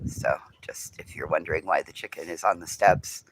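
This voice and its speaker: A man's voice: low-pitched, fairly even intonation, normal speed, very noisy. Blunt swearing man chatting to his pets. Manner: blunt, swears freely, talks to his animals. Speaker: vlogger. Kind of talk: casual morning chat to camera and pets. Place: farm house and yard.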